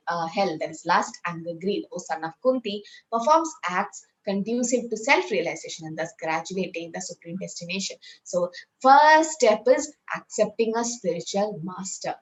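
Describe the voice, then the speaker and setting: A woman leads a scripture class. She explains in a chatty, conversational way and keeps checking in with her listeners. Her voice sits at an ordinary middle pitch. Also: animated, moderate pace, low-quality recording. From India. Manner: conversational, often asking "right?". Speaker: spiritual class teacher.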